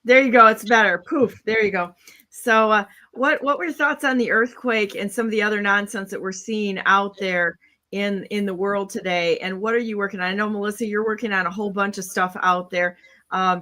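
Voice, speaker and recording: A woman's voice: medium pitch, pushed and bright. A woman hosting a casual online talk show, chatty, with many fillers and restarts. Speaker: show host.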